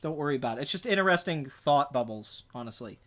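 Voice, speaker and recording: A young man hosting a casual podcast, rambling and animated as he talks to his viewers and teases his co-host. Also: medium pitch, quick pace. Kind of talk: casual livestream podcast chat.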